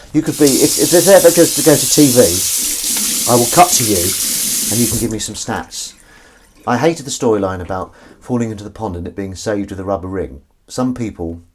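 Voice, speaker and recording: Background noise fills this clip of a man with a lowish voice running a laid-back livestream from his kitchen at home. He does the dishes as he chats with viewers, punning and making fun of himself.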